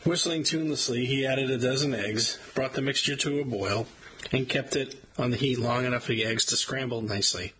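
A man reading a first-person memoir aloud in a wry, measured storytelling manner. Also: medium pitch, sharp tone, slight background noise, rough recording. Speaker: audiobook narrator.

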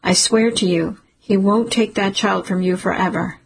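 A woman's voice: mid-range voice, fairly even intonation, moderate pace, vocal fry, slightly rough, rough recording. A woman voicing a fierce, defiant older woman who protects a young mother, speaking urgently and sharply. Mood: soothing.

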